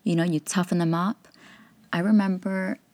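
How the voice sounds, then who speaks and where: A woman's voice: on the low side, fairly even intonation, normal speed, a little mellow. A woman in her thirties hosting a podcast, giving candid, chatty parenting advice and laughing often. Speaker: podcast host and life coach. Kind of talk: casual advice monologue.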